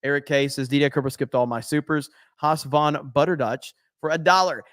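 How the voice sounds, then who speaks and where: A man's voice: mid-range voice, normal speed, hardly any pauses, a bit bright, no echo, clean studio sound. A man hosting a casual late-night livestream, reading viewer messages aloud with joking, profane banter. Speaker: livestream host.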